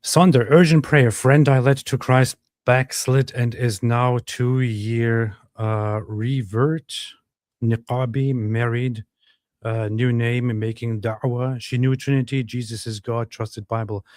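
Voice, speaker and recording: A man's voice: medium pitch, steady tone, slow pace, a little mellow, no room sound, clean studio sound. A man co-hosting a livestream in casual chat, reading viewers' comments aloud.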